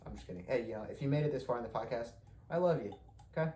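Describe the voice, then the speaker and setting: A young man of Mexican heritage hosts a podcast, telling a rambling, profane story casually and laughing frequently. His medium-pitched voice is expressive and dark in tone, and he talks rapid-fire. The echoey room carries faint ambience and slight background noise.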